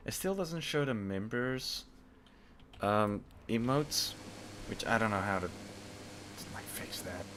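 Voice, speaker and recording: Slow-talking man streaming a game. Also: fairly low pitch, expressive, noisy background. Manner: mumbling to himself, unhurried. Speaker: gaming streamer. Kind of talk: casual live gameplay commentary. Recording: loud accordion music behind.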